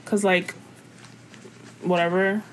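A woman's voice: on the low side, flat delivery, slow pace, a little hiss or hum. A young woman in casual chat, talking in an emphatic, slangy way and laughing often.

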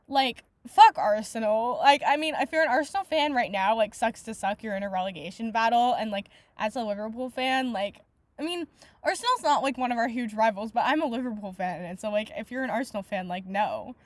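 A woman's voice: on the high side, fairly quick, no echo. A woman hosting a book podcast, ranting in a casual, exasperated way, swearing often and filling her talk with "like". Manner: rants exasperatedly, swears often, many "like" fillers. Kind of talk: casual book review monologue.

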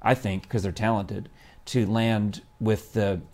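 A man's voice: on the low side, flat delivery, slow, darkish tone. Man, live show co-host, casual chat, rambling, restarts often.

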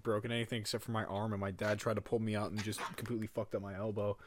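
A man's voice: lowish voice, little pitch movement, racing, noisy background. A man hosting a casual podcast who tells rambling stories, repeats himself and swears freely among friends.

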